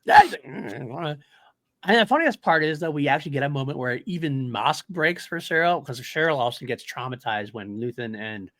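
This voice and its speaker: A man's voice: medium pitch, animated, brisk, fairly bright tone, no echo. A man hosting a podcast in casual chat, enthusiastic and rambling, laughing often. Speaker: podcast host.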